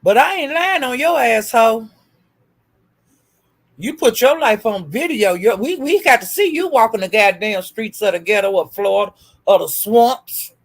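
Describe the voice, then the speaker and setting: A woman's voice: fairly high pitch, animated, moderate pace. A woman hosting a live stream, taunting someone with profane, repetitive insults and calling out to her chat viewers by name. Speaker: livestream host.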